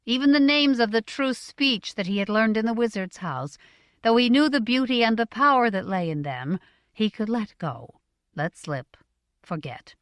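A woman narrating a story in a measured, expressive reading. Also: a little high, no echo, studio quality. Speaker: audiobook narrator. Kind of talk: scripted narration.

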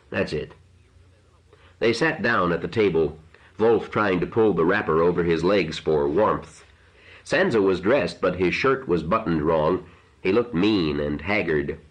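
A man narrating a novel in a steady, unhurried audiobook reading, in a dull lo-fi recording. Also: deep voice.

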